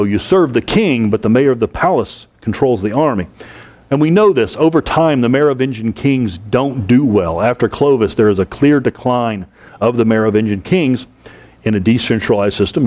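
Brief: male history lecturer, mid-pitched, talks to a class, repeats and slows on key terms. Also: darkish tone. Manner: explains with repetition and rhetorical questions, slows to stress key terms.

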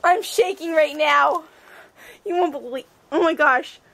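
A woman's voice: high voice, unhurried, creaky, fairly bright tone. A woman vlogger opening presents on camera and gushing over each one with repeated exclamations. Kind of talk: casual unboxing chat.

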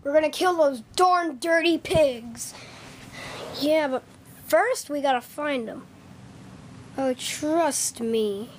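A woman performing a homemade fan skit, voicing every role herself and jumping between high and low voices as the characters squabble. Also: takes it slowly, long pauses.

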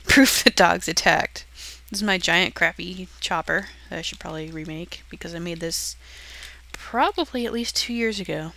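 A woman's voice: fairly low pitch, normal speed, pushed and bright, slight background noise. A young woman giving a casual, giggly, self-deprecating walkthrough of something she built in a game. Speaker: channel host touring her build.

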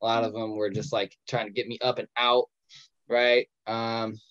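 A man's voice: medium pitch, level tone, normal speed, a bit bright, clean tone, no room sound. Young guy in his 20s on a video call, joking self-mocking storytelling, kinda muffled dry audio. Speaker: patient sharing his story. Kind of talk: casual storytelling.

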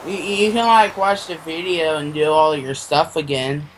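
Higher-voiced man chatting casually. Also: steady tone, moderate pace, a bit bright, slight background noise, poor audio. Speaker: friend of the host. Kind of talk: casual chat.

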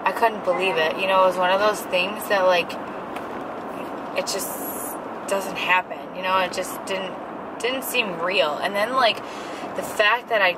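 A woman telling a story about her son in a casual vlog, chatty, full of fillers and restarts, while in a car. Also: fairly low pitch. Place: in a moving car. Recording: loud road noise from a car.

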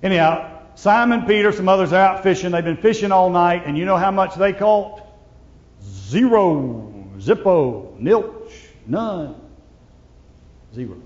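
A male pastor preaching a sermon, swinging from loud proclamation to hushed, intimate asides. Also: high voice, sing-song, measured pace, long reverb tail, lo-fi sound.

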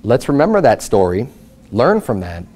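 A young man preaching a sermon as pastor, in a Southern American accent, impassioned and rising to loud emphatic peaks. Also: medium pitch, big pitch swings, moderate pace, slight background noise.

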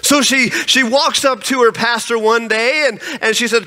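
A man's voice: very high voice, steady tone, moderate pace, hardly any pauses, sharp tone. A man preaching a sermon in a church, telling stories emphatically. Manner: emphatic storytelling. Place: church sanctuary. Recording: long church reverb.

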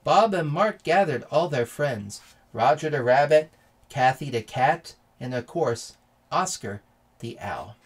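A man hosting his own channel, reading a children's picture book aloud slowly and then signing off. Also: mid-range voice, lively intonation, breathy edge. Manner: slow, deliberate reading.

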